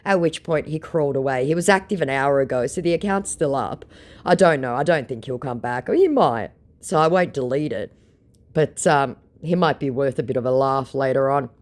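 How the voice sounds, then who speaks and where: A woman's voice: deep voice, darkish tone. An Australian woman narrating chats with scammers in a sarcastic, mocking way. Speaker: scambaiter host. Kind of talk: storytelling commentary, reading out chats.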